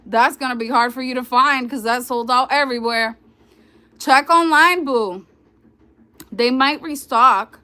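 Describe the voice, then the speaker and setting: Chatty high bright New York woman. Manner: chatty, storytelling, addresses viewers as y'all. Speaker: livestream host. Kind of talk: casual livestream chat.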